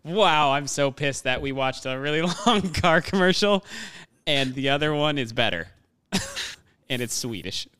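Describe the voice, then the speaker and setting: Podcast co-host, male, crisp bright tone, profane and excitable. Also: mid-range voice, a little slow, dry recording. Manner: swears a lot, laughs often, animated ranting. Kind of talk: casual movie review chat.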